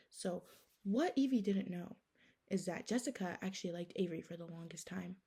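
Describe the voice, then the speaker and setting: A woman's voice: high voice, very animated, a little fast, breathy edge. A woman telling a story in a casual, chatty way, with heavy use of "like" and "okay?".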